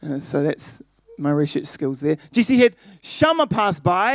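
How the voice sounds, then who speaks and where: A man's voice: on the high side, sing-song, a little slow, gravelly, no echo, clean studio sound. A young adult man preaching a sermon, playful and jokey, talking directly to his congregation.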